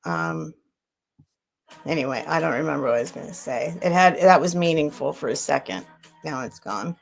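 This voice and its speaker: Over soft background music, a middle-aged woman with a low, gravelly voice speaks at normal speed with big pitch swings. She hosts a live sale stream, chatting in a rambling style, restarting and trailing off while answering viewer comments.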